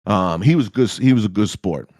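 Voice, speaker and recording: A man hosting a podcast, telling a story in a casual, profane way and jumping into high-pitched reactions. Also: moderate pace, a little mellow, no echo, studio quality. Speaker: podcast host.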